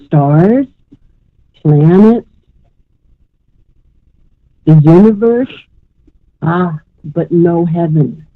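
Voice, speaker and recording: A woman quoting an old male spirit-guide professor in a slow, deliberate teaching cadence, heard over a tinny phone line. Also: lowish voice. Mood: gently instructive.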